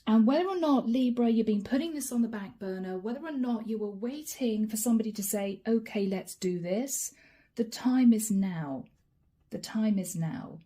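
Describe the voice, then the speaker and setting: A woman delivers a channeled tarot reading, talking straight to the listener and calling them by their star sign. Her voice sits a little high but sounds deeply mellow and warm. She keeps the talk animated, then drops to a near whisper each time she names a card. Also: normal speed. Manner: drops to a soft whisper when naming cards. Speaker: tarot reader.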